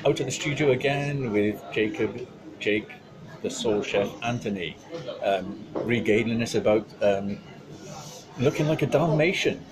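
Male podcast host, joking, quick wisecracks, crowd noise behind. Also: mid-range voice, rough recording. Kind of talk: casual podcast interview.

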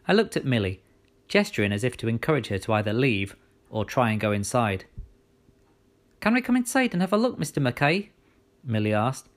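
Man narrating a storybook. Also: fairly low pitch. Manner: steady first-person storytelling.

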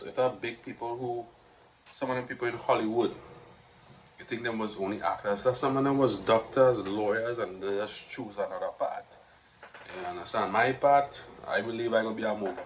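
A man's voice: on the low side, a bit bright. A man with a Trinidadian accent, hosting his own podcast and giving a motivational talk, preachy and repetitive, often asking "you understand?". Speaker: podcast host. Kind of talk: motivational monologue. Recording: dull lo-fi recording with faint noise.

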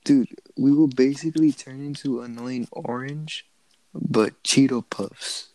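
A man's voice: medium pitch, fairly even intonation, a little slow, mellow, no echo, low-quality recording. A young man in a casual podcast chat, making goofy offbeat remarks.

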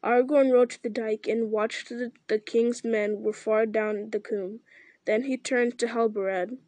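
A woman reading a fantasy novel aloud in a steady voice, stumbling and restarting now and then. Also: a little high, a little slow, dry recording. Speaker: audiobook reader.

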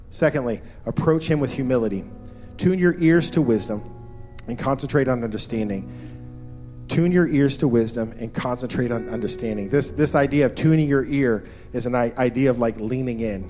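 A man's voice: medium pitch, a little mellow. A man in his thirties preaching a sermon as pastor, earnest and repeating key phrases for emphasis.

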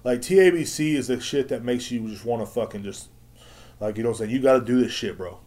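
A man's voice: medium pitch, quick pace, darkish tone. A young man hosting a podcast, ranting in a rambling, profane storytelling way, laughing often and acting out quotes. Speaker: podcast host. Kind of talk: casual solo rant. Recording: echoey room.

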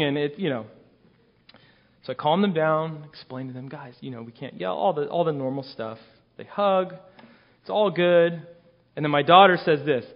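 A man in his thirties delivers a sermon in a somewhat high voice, earnest and emphatic. He leans on repetition and restarts to drive home each point. The recording is dull and lo-fi, with the top end rolled off. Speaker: guest preacher.

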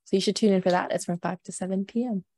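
A woman's voice: mid-range voice, fairly even intonation, quick pace, warm tone, no room sound. A young woman hosting a casual livestream, chatting and reading scary stories aloud with frequent giggles. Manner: giggly, chatty, reads with laughs. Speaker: stream host.

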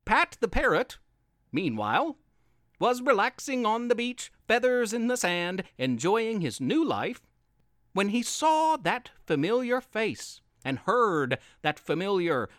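Storybook podcast host: unhurried, lively, playful read-aloud, dry studio sound. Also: mid-range voice, dry recording. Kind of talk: scripted story narration.

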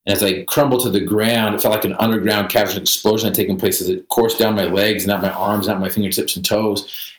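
Guest storyteller: a man with a slightly low voice, wry and vivid, recorded in a reverberant room. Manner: vivid storyteller with self-deprecating humor. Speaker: podcast guest. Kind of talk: personal storytelling in an interview.

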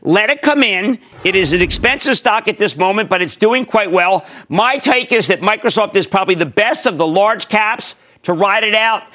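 A male TV market show host giving emphatic, punchy market commentary that swings between loud bursts and low mutters. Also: animated, normal speed, hardly any pauses.

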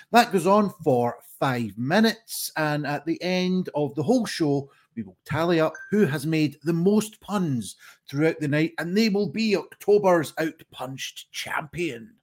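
A man's voice: a little high, animated, a little slow. A man hosting a live-streamed pun contest in a chatty, rambling way, with lots of ums, over a video call. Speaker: game show host.

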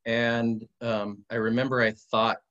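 A man's voice: medium pitch, little pitch movement, unhurried, fairly bright tone, lo-fi sound. A man, a podcast guest, telling an earnest story in casual conversation, bringing it to life with quoted dialogue.

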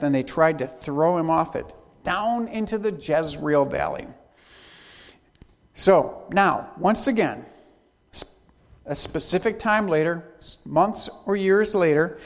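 A man preaching a sermon in a church, speaking in an unhurried, emphatic way with long pauses. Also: high-pitched. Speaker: pastor. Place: church sanctuary. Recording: long hall reverb.

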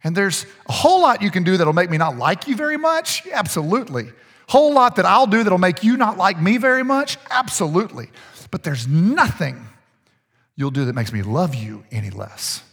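A man preaching to his congregation with a fairly high voice and a lot of energy. He coaxes the room and repeats his key phrases. His voice rings out with the long reverb of a church hall. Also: big pitch swings, moderate pace, a bit bright, husky. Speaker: pastor. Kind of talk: sermon.

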